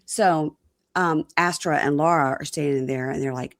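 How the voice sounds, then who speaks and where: A woman's voice: sits low, moderate pace, dry recording, clean studio sound. A woman hosting a casual podcast chat, recapping a reality show and acting out the quotes with voices. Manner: animated, acts out quotes with voices. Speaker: podcast host.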